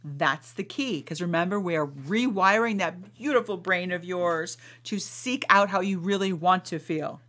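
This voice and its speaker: A woman's voice: lowish voice, bright, forceful tone. Soothing woman guiding a meditation. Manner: slow and soothing in the meditation, then emphatic and encouraging. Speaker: podcast host and life coach. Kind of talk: guided meditation and coaching talk.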